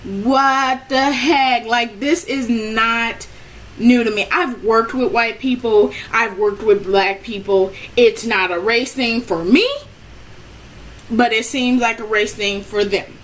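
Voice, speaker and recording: A woman telling a personal story in a casual storytime vlog, animated and rambling with many restarts, her voice jumping up when she relives the frustration. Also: a little high, slow pace, slight background noise, low-quality recording. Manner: rambling with frequent restarts and "I'm like".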